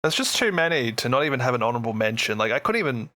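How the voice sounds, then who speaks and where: Bright, excitable male podcast co-host. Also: mid-range voice, very fast. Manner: excitable, swears casually, jokey. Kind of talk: casual hobby podcast chat.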